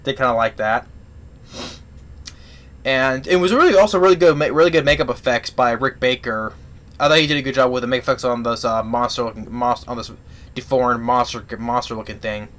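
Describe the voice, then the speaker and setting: A man giving a casual spoken movie review, retelling the plot in a rambling, halting way full of restarts. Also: medium pitch, fairly bright tone.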